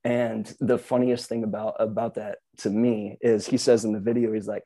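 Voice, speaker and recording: A man's voice: fairly low pitch, flat delivery, normal speed, warm tone, dry recording. A man chatting casually on a podcast, telling stories and explaining news with many fillers and restarts. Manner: rambling storyteller, many "like"s and restarts. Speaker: podcast co-host. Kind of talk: casual chat.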